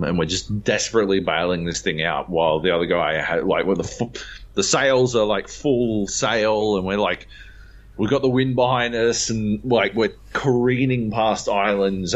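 Low-voiced swearing man. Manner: animated storyteller, swears freely, acts out voices. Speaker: podcast co-host. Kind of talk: casual chat. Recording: dull lo-fi podcast audio.

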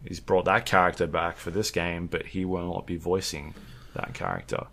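A man's voice: sits low, moderate pace, gravelly. A man co-hosting a podcast, chatting casually and rambling with lots of fillers. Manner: rambling, filler-heavy, animated when telling stories. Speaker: podcast co-host. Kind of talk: casual chat.

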